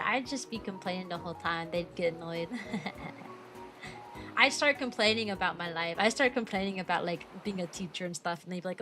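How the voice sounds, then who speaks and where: A woman's voice: medium pitch, fast talker. A young adult woman streaming as a VTuber, rambling through casual chat with giggles and self-deprecating jokes. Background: background music.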